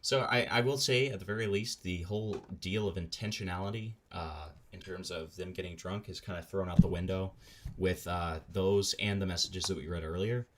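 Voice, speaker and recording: A man's voice: low voice, normal speed, a little hiss or hum. A man giving casual, sarcastic reaction commentary with crude slang and frequent fillers. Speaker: online commentator.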